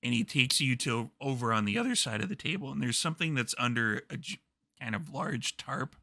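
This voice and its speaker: Brief: male game master, gravelly, dry close sound, calm narration. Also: medium pitch, fairly quick, no room sound.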